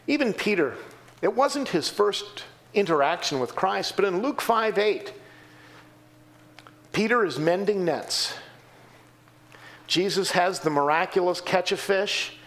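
Animated high-voiced man preaching. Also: measured pace, long pauses. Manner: animated, acts out quoted voices with sudden pitch jumps. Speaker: pastor. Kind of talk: sermon.

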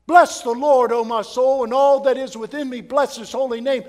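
A man preaching a sermon as pastor, swinging from loud emphatic preaching to hushed prayer in a church sanctuary. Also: very high-pitched, fairly even intonation, normal speed, in a large hall.

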